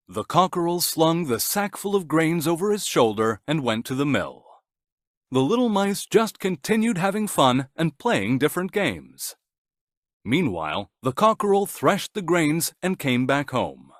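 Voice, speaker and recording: A man narrates a scripted bedtime story for children with gentle, animated storytelling. His voice sits slightly high and rises and falls very widely. The sound is dry and close. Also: a little slow, dry recording.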